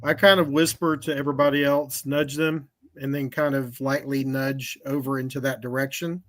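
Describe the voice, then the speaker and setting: A man's voice: medium pitch, level tone, moderate pace. A man playing a tabletop game, hesitantly asking practical questions. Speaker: player.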